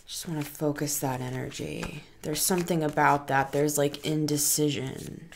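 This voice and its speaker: A woman giving a casual tarot reading, talking deliberately and meditatively straight to the listener. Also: low voice, steady tone, vocal fry, a little hiss or hum. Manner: deliberately slow, meditative and talkative, addressing the listener directly. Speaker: tarot reader.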